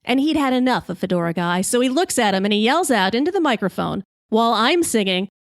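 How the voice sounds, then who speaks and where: Brash host, female, comic storyteller, bright voice, dry close mic. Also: fairly high pitch, quick pace, few pauses, no room sound. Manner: lively, brash, swears freely. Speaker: podcast host.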